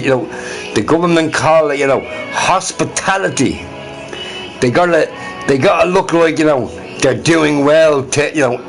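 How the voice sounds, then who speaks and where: A man hosting a casual livestream, talking heatedly to his chat and repeating his points. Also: a little high. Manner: talks to chat viewers directly; heated, scornful. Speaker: livestream host.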